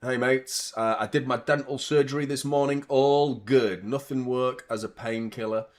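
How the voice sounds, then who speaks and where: A young man hosting a live football watchalong, chatting casually with viewers and shouting out at big moments. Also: mid-range voice, normal speed. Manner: laid-back chat that jumps to loud excited reactions. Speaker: watchalong host.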